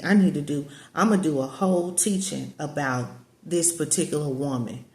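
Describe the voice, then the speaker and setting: A woman's voice: low-pitched, moderate pace, dark tone, roomy sound. A woman preaching casually and emphatically to her viewers, repeating herself and calling them y'all. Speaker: spiritual teacher and online community leader.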